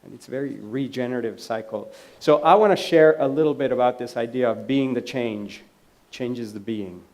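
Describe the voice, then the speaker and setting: A man giving a conference keynote in a lecture hall, telling stories conversationally and dropping to a quiet voice for quoted lines. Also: medium pitch, a little fast. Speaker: keynote speaker.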